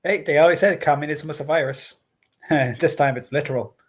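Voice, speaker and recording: A man's voice: on the high side, fairly even intonation, brisk, a little hiss or hum. An Irish man co-hosting a casual game stream, full of wry jokes and asides. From Ireland. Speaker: co-host.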